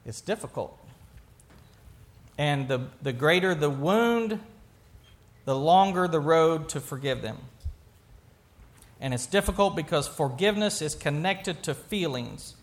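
A man with a notably high voice preaches a sermon. He talks like he is chatting with his congregation, tossing them questions and backing up mid-sentence to rephrase. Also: lively intonation, unhurried, long pauses. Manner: conversational, asks the congregation questions, restarts sentences. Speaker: pastor.

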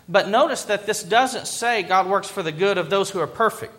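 A man preaching a sermon in an earnest, reflective way, pausing to let points land. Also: high-pitched, bright, forceful tone. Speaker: pastor.

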